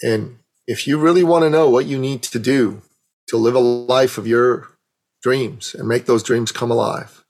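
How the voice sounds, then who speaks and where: A middle-aged man from Iran, a guest on an interview, tells a personal story with animated, emotional delivery, acting out the dialogue. His medium-pitched voice is a little slow, and the audio is poor.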